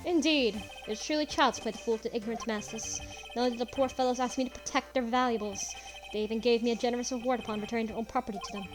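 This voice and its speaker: A woman's voice: on the high side, quick pace, music in the background, natural voice. A woman voicing a pompous, condescending male detective in a courtroom game who talks in flowery phrases. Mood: smug.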